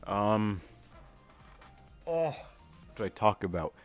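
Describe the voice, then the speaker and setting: A man casually talking through a flight simulator game, thinking aloud with many pauses and filler words, and breaking into sudden excited outbursts. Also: on the low side, faint music behind. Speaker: flight sim gamer. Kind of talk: casual gameplay commentary.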